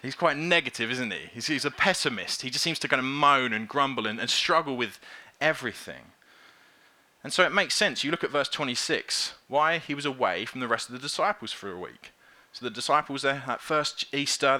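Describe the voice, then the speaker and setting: A man preaching a conversational sermon, lively and informal, acting out little quoted voices as he goes. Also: mid-range voice, a little fast.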